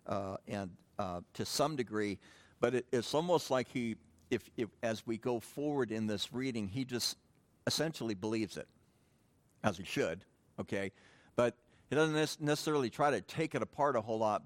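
Low-voiced preaching man. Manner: conversational, halting with frequent fillers and restarts. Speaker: pastor. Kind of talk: sermon.

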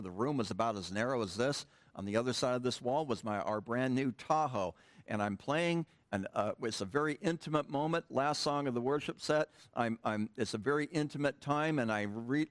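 A man's voice: mid-range voice, no echo. A middle-aged man preaching a sermon in church, teaching a Greek grammar point with casual, joking asides to the congregation. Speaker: pastor. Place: church sanctuary.

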